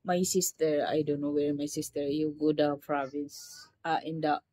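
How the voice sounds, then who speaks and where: Low-voiced Filipino woman vlogging in the heat. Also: little pitch movement, moderate pace, dark tone, no echo, poor audio. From Philippines. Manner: broken English, emotional and plaintive. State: overheated from the heat. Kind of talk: casual vlog chat. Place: simple rural home in the tropics.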